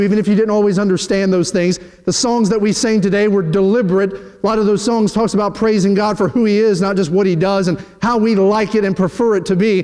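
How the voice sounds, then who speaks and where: Male pastor, high voice, preaching in a reverberant church hall. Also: darkish tone. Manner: emphatic, rhetorical questions, mock quotes of worried people. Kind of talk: sermon. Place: church sanctuary.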